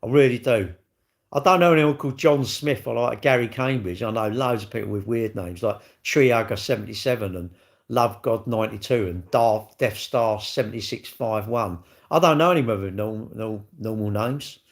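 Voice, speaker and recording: Gravelly man chatting with viewers. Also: lowish voice, moderate pace. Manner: chatty, bantering, reads viewer comments aloud and answers them; cheeky, blunt and jokey. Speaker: livestream host. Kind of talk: casual livestream chat.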